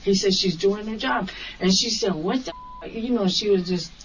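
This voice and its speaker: A woman's voice: mid-range voice, moderate pace, over a noisy crowd. A woman taxi driver recounting an incident in an interview, acting out the dialogue as she goes. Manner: animated storyteller acting out quoted dialogue. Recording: distant, muffled recording with faint hiss.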